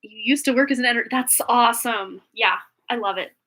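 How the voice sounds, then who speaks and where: A woman's voice: on the high side, fairly quick, a bit bright. A woman reading tarot on a live stream, chatting casually in a rambling way with frequent laughs, a little phlegmy after being sick.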